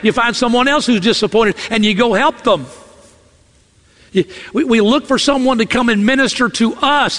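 Male preacher, high-pitched, emphatic, reverberant hall sound. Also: a bit bright. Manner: emphatic, acts out quoted lines in character. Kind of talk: expository sermon.

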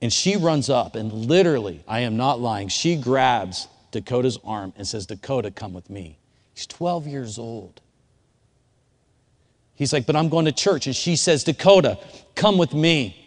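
A pastor delivering a sermon as a story, his voice sinking to near hush and then climbing to shouts. Long reverb from a church hall trails after his words. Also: mid-range voice, animated, a little slow. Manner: swings from hushed storytelling to shouted quotes. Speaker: youth pastor.

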